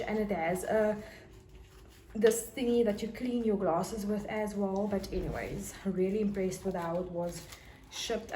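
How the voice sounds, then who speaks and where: A young South African woman with a South African accent, gushing over her haul in a casual fashion vlog. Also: medium pitch. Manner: gushing, bursts into excited squeals. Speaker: fashion vlogger. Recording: echoey room with faint noise.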